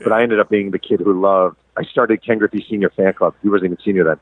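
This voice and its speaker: A man's voice: on the low side, fairly even intonation, fast, no echo. Man talking over a tinny phone line. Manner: candid, self-deprecating storyteller. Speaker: guest, sports writer. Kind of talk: casual interview chat.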